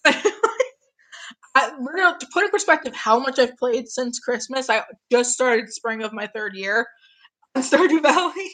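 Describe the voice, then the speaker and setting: A woman's voice: high voice, lively intonation, measured pace, long pauses, a bit bright. A young woman in her twenties, getting over an illness, chatting casually on a live stream, gushing and reading out viewer comments.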